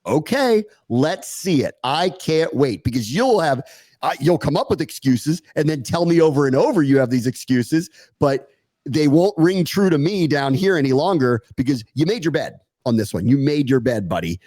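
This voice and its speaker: Animated ranting man on a sports podcast. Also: a little high, normal speed, no echo. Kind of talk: casual sports chat.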